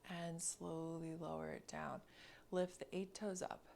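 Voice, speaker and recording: Slow, gravelly-voiced woman leading exercises. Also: low-pitched, a little hiss or hum. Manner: slow, calm cueing with counted breaths. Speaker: mobility instructor. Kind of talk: guided exercise class.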